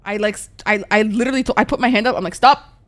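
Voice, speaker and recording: A woman's voice: mid-range voice, racing. A young woman streamer telling rambling stories in casual chat while gaming. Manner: rambling, animated storytelling.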